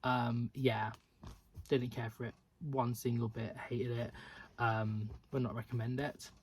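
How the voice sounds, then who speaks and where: A man's voice: mid-range voice, level tone, a little slow, slight background noise. A man reviewing books in a casual vlog, blunt and catty, chatting with lots of fillers. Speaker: book reviewer.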